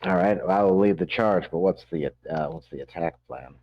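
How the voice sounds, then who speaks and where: A man playing an earnest paladin with a very deep voice. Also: a little fast, no room sound, muffled recording. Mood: cautious. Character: dutiful male paladin knight, cautious.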